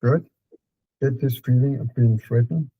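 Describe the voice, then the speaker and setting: A man with a Danish accent calmly guiding a client through a therapy session, repeating prompts slowly. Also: mid-range voice, slightly rough, no room sound, narrow, tinny audio. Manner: calm, repetitive prompting with fillers.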